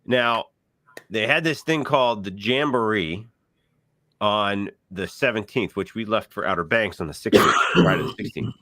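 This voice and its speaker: A man's voice: fairly low pitch, moderate pace, sharp tone, no room sound. A middle-aged man co-hosting a casual podcast chat, rambling through everyday stories and acting out what other people said. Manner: rambling storyteller, acts out quoted voices. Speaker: podcast co-host.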